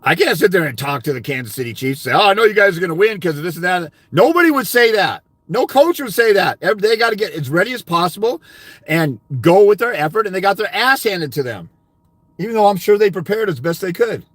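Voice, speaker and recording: Older man, high voice, blunt, profane, berating tone, dry sound. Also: sing-song, a little fast, no echo. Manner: blunt, abrasive and swearing, berating viewers. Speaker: fathers' rights consultant. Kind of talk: profane ranting monologue.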